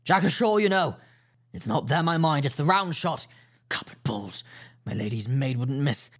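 A man's voice: medium pitch, animated, moderate pace, fairly bright tone, slightly rough. A man doing a stern, barking ship's captain. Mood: urgent.

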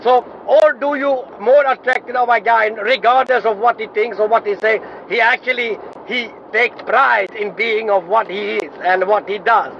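High-pitched man raised in Sweden, rambling casual talk, dull recording with faint traffic behind. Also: steady tone, normal speed, gravelly, hardly any pauses. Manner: rambling, many fillers and restarts. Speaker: speaker on immigrant identity. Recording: dull audio, faint street noise.

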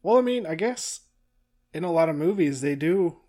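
Male co-host, slightly high voice, relaxed and self-deprecating. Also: normal speed. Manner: easygoing, laughs often, hedging. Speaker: podcast co-host. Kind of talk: casual podcast chat.

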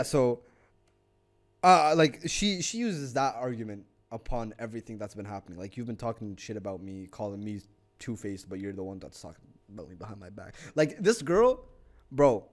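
A young man co-hosting a podcast, telling a story in casual chat, animated, swearing a lot and laughing often. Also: medium pitch. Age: young adult. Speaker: podcast co-host.

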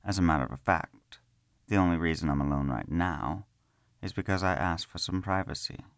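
A man voicing a calm, smiling young man bound by magic to a stone floor, speaking softly and pleasantly. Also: sits low, moderate pace, no room sound, clean studio sound. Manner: soft, pleasant and reassuring. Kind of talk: storybook character reading.

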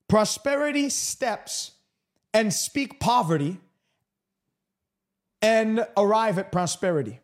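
Slow, emphatic high-voiced male preacher. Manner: emphatic, repetitive preaching cadence with stretched-out phrases. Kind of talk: broadcast sermon.

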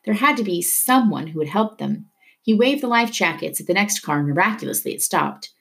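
A woman reading a novel aloud with steady storytelling narration. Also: medium pitch, fairly quick. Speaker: reader.

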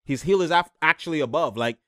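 A man's voice: on the high side, fast, bright, forceful tone, no echo, studio quality. A young man hosting a podcast, talking basketball in a casual, slangy way and leaning on filler phrases. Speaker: podcast host.

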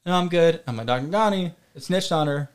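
A man's voice: on the high side, animated, quick pace, smooth. A man co-hosting a podcast, telling a long story in casual chat, rambling and digressive, with some swearing. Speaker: podcast co-host.

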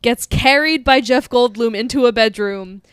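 A woman's voice: fairly high pitch, normal speed, clear, resonant tone, no echo, clean studio sound. Sardonic woman recapping a horror film. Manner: sardonic, profane, acts out characters' lines. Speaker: podcast co-host. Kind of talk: casual film recap chat.

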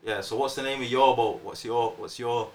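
A man's voice: mid-range voice, fairly even intonation, slight background noise. A young man, telling stories in slangy casual chat as a podcast host. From Scotland. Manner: slangy, storytelling, quick. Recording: roomy sound with faint ambience.

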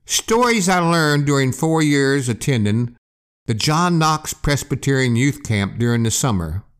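A male podcast host telling a scary campfire story. He speaks slowly and draws out each line for effect. His pitch swoops widely as he builds suspense. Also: clean tone. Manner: slow, expressive storytelling. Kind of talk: storytelling narration.

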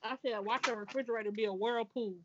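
A mother in a casual group chat over a video call, complaining in animated, profane bursts. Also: on the high side, quick pace. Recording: dull lo-fi call audio with faint noise.

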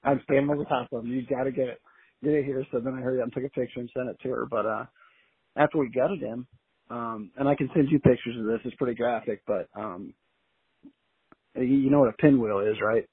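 A man telling a long story in a casual, colloquial and animated way as an interview guest, heard over a phone line. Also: mid-range voice, fairly quick, breathy edge, no echo. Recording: tinny dry phone line.

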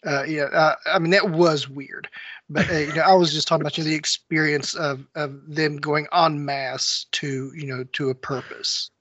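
A man co-hosting a casual movie podcast, talking haltingly with many fillers and restarts. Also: on the high side, fairly even intonation, pushed and bright, dry recording. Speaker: podcast co-host. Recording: dull lo-fi sound with faint noise.

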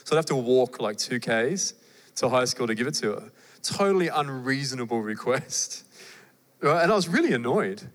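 Young Australian male preacher, chatty and lively, mid-range voice, recorded with hall reverb. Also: mid-range voice, moderate pace. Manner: conversational and animated, with asides to the audience. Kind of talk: sermon.

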